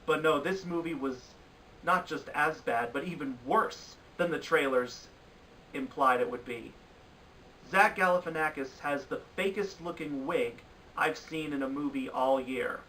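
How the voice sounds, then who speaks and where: A man's voice: fairly high pitch, pushed and bright, recorded from a distance, a little hiss or hum, rough recording. A man giving an opinionated countdown of bad films, sounding exasperated and ranting in his critique. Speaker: film reviewer. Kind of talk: opinionated film review countdown.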